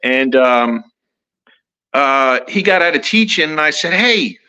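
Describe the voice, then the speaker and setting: A middle-aged man, a podcast guest, telling a story in a lively, animated way and acting out the voices of people he quotes. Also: medium pitch, a little slow, smooth, low-quality recording. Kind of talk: casual storytelling.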